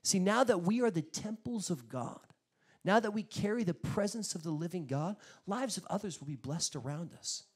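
A male pastor preaching a sermon, telling stories in an animated way, acting out quotes and bursting out loudly at times. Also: high-pitched, moderate pace, slightly rough. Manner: animated storytelling with sudden loud bursts; acts out quotes in his stories.

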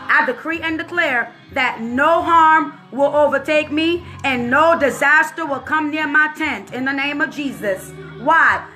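A woman minister giving an informal, animated prophetic word to camera, laughing often and using casual slang. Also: high voice, measured pace, few pauses, soft background music.

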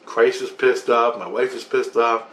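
A man's voice: medium pitch, fairly even intonation, measured pace, noisy background. A man ranting in a rambling monologue, agitated and swearing constantly. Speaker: vlogger. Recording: roomy echoey recording.

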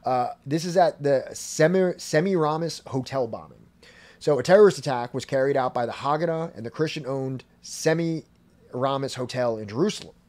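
Male podcast host, mid pitch, reads source text then riffs casually with "like" and "you know". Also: normal speed, darkish tone. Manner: reads passages aloud then explains them loosely with fillers. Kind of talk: casual history podcast commentary.

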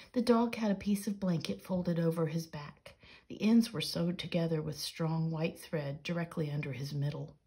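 A woman reads a children's story aloud with a raspy, gravelly voice pitched a little low. Her tone is dark and mellow, soft and breathy as she tells it.

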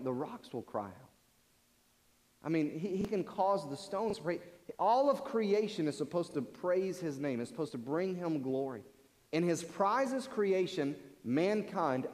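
Male preacher, earnest, stammering repeats for emphasis, slightly high voice, echoing sanctuary. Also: darkish tone. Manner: earnest, repeats words when stressing a point. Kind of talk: sermon. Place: large church sanctuary. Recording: long church-hall reverb.

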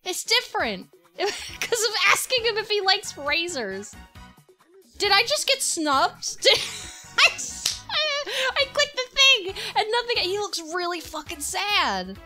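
A woman with a very high, bright voice streams a life-sim game live, laughing constantly and swearing at what she sees. She talks slowly, but her pitch bounces all over. Faint music plays behind her. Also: sing-song. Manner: giggly, swears often, reacts loudly. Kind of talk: live gameplay commentary.

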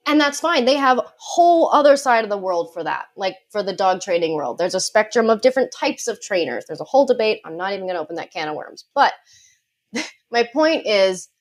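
A woman speaks as a podcast guest with a mid-range voice, explaining confidently and plainly. She moves briskly through examples and drops in short, easy laughs along the way. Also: medium pitch, very animated. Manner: confident, explanatory, quick asides with light laughs. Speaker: dog behavior consultant guest.

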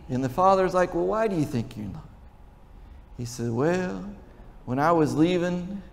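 An older man delivers a sermon from the pulpit, and his voice sits a bit higher than most men's. He keeps it conversational and keeps asking the congregation questions. A long reverb trails his words through the large church. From Texas. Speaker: pastor.

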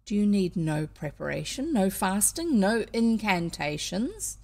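A woman's voice: medium pitch, sing-song, a little slow, a little mellow, heavily acted. A woman voicing a courteous, scheming young male Egyptian priest who turns stern, in a read-aloud storybook. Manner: smooth and polite, then stern.

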